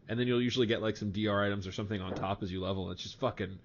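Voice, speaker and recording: A man's voice: fairly low pitch, fairly even intonation, very fast, lo-fi sound, a little hiss or hum. A man acting as game master, chatting casually with crude, joking asides. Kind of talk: casual podcast banter.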